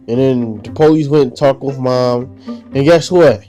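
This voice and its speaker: A man's voice: medium pitch, takes it slowly, long pauses, mellow, soft background music. A man telling a casual, rambling story full of slang and restarts.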